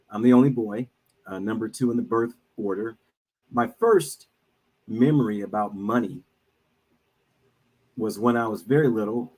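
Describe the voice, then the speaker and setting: A middle-aged man speaking as a guest on an online talk, telling a personal story in an earnest, measured way with frequent pauses. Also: lowish voice, a little mellow, low-quality recording. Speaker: guest speaker, minister and financial advisor.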